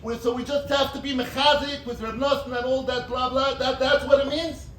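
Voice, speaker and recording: Guy with a really high voice telling a rabbi story, echoey room, mic kinda far off. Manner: animated, bursts of shouting and quick asides. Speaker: rabbi giving a talk. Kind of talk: Hasidic storytelling lecture. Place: gathering in a large room.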